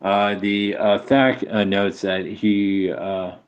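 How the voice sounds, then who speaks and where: A man narrating as game master of a tabletop game, hesitant and full of pauses. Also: lowish voice, fairly even intonation, lo-fi sound.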